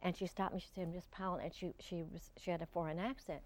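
An older woman giving an interview, reminiscing in a warm, halting way with frequent restarts. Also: lowish voice, level tone. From Portland, Oregon. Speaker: interview guest. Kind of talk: reflective interview talk.

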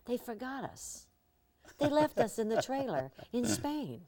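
An older actress as an interview guest, telling lively anecdotes and slipping into impressions. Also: female voice, on the high side, a little slow. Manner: lively storyteller, slips into impressions.

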